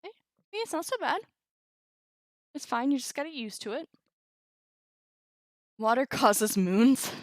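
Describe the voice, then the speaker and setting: A woman's voice: fairly low pitch, dry recording, studio quality. A woman teaching a language lesson on a live stream, chatty, laughing often and reacting to viewers' comments.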